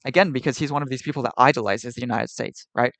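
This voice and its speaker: Exasperated male streamer ranting at chat, mid-pitched, dry close sound. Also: fast, vocal fry, a bit bright, dry recording. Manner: exasperated, argumentative, repetitive. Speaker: livestreamer.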